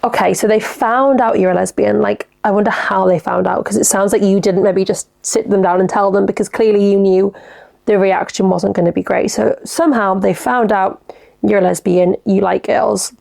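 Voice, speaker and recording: Young woman, podcast host, candid and sweary, a bit of vocal fry. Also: medium pitch, normal speed. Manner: chatty, frank, sweary, animated. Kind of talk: casual solo podcast chat, reading listener dilemmas.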